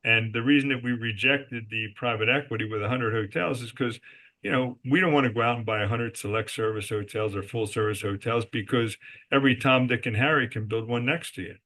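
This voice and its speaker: Forceful, emphatic man telling business stories. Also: mid-range voice, brisk. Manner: emphatic, answers his own rhetorical questions. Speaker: guest, resort company executive. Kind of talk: podcast interview storytelling.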